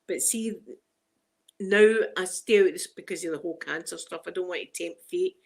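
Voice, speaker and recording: A woman's voice: on the low side, normal speed, gravelly. A middle-aged woman with a Glaswegian accent, chatting casually with livestream viewers and laughing often. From Scotland. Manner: chatty, laughs often, strong Scots phrasing. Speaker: ASMR livestream host.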